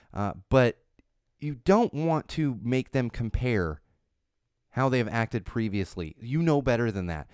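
In a smooth, echo-free studio recording, a man in his thirties talks solo about parenting for his podcast. His mid-range voice carries an emphatic, repetitive delivery full of fillers and false starts.

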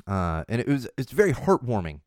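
A man's voice: medium pitch, sing-song, fairly quick, a little mellow, no room sound, clean studio sound. A man in his thirties hosting a casual show, chatty and prone to restarts, growing emphatic when he makes a point. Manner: chatty with many restarts and laughs, grows emphatic. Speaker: podcast host. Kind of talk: casual chat.

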